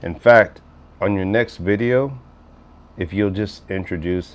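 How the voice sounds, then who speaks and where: Middle-aged guy with a low voice rambling on his livestream, talking back to chat, bit of hiss in the background. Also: measured pace. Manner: rambling, conversational, reads chat aloud. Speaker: livestream host.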